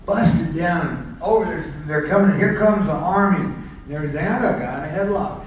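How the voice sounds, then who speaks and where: American ex-wrestler holding court, rambling and chuckling, a touch high, heard from across an echoey hall with faint hiss. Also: male voice, brisk. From United States. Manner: rambling, laughs at his own stories. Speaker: wrestler telling road stories at a seminar. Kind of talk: casual storytelling to an audience. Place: seminar room. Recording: echoey room, mic far off.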